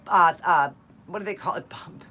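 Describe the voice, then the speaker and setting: A woman's voice: fairly low pitch, normal speed, pushed and bright. A woman in her forties hosting a live question-and-answer stream, speaking straight to her viewers in a heartfelt, repetitive way. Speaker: host of a live keto Q&A stream.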